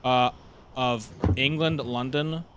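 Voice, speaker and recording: Brief: American man, mid-pitched voice, curious questioner, faint background hiss. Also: fairly even intonation, slow pace. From United States. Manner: curious, asks many questions. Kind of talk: casual chat.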